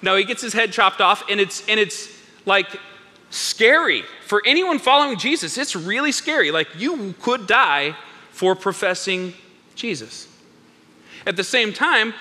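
Animated male preacher in a reverberant hall. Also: sits high, normal speed. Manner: animated, acts out biblical characters with big voice swings. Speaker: pastor. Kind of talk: sermon.

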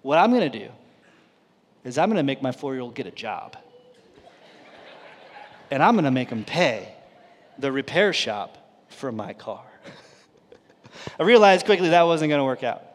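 A man in his thirties preaching a sermon as a pastor, telling a personal story and dropping to a hush for quoted lines. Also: mid-range voice, sing-song, measured pace, long pauses. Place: church auditorium. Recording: reverberant church hall.

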